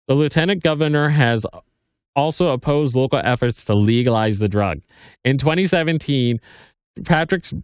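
A man in his thirties hosts a podcast, reading the news aloud and then drifting into casual commentary that rambles, stammers through restarts, and leans heavily on "like." His voice is mid-range, and the recording is dry and studio quality.

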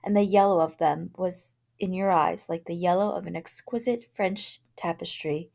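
A woman, a teacher, reading a short story aloud in an expressive voice that drops to a whisper in tense passages. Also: on the low side, moderate pace, creaky.

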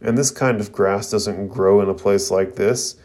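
A man reading out the lines of a calm, scheming male ninja villain from a cartoon. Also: on the low side, unhurried.

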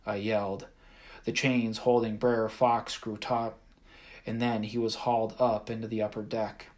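Man narrating a story, measured. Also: fairly low pitch, monotone, darkish tone. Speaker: audiobook narrator. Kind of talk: first-person audiobook narration.

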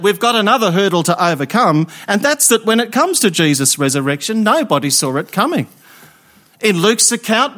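A man delivers an Easter Sunday sermon in a high, bright-toned voice. He preaches emphatically, leaning on pauses and rhetorical questions to draw in his listeners.

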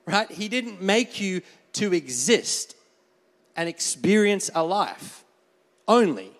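Pastor, man, high voice, chatty sermon, long hall reverb. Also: slow pace. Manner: conversational, asks the crowd for amens; animated, laughs often. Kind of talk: sermon with a volunteer on stage.

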